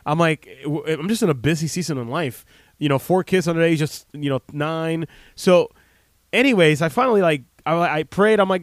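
A man in his thirties hosts a radio talk show from the studio. His talk is casual and rambling, full of fillers and restarts. His voice sits a little high for a man, and the close mic sounds very dry. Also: brisk, no room sound. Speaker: chiropractor radio host.

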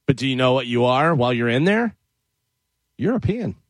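Playful joke-reading man, lively pitch. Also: normal speed, dry recording, clean studio sound. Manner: playful, reading jokes aloud. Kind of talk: casual studio banter.

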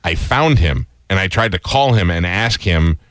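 A man hosting a casual radio chat, telling animated stories and acting out the voices in them, on a close studio mic. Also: sits low, moderate pace, no echo. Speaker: radio host.

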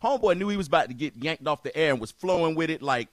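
A man hosting a talk show makes his case insistently, repeating himself and cutting in on the other voice. His voice sits a little high. The sound is dry, with no room echo. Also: animated, fast. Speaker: podcast host. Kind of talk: heated debate.

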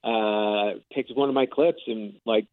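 A man's voice: fairly low pitch, steady tone, slow, no room sound. Male comedian, 30s, easygoing guest, phone-quality line. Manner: easygoing, joking, some stumbles. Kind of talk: casual radio interview chat. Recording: dry, tinny phone-like line.

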